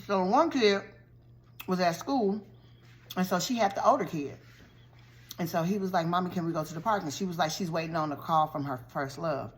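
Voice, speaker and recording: A woman vlogger recapping a TV show's plot in a lively, colloquial storytelling style, full of slangy asides. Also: on the low side, moderate pace, long pauses. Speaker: vlogger reviewing a TV show.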